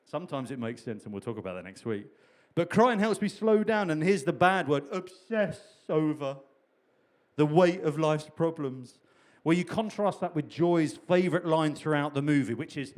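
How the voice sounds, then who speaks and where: A man's voice: a little high, animated, normal speed, darkish tone. A man preaching a sermon in a chatty, humorous way, repeating key phrases for emphasis. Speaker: pastor.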